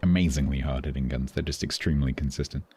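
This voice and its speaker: Deep-voiced playful male game streamer. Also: fast talker, mellow, slight background noise. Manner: playful, chatty, self-mocking. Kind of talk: casual gaming stream commentary.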